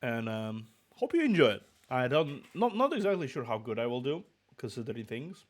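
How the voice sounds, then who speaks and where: Very animated and speaking at a normal speed, this man has a mid-range voice and a slight Russian accent. He's a little sick and chats loosely as he sets up a stream to read a book, often restarting and muttering to himself.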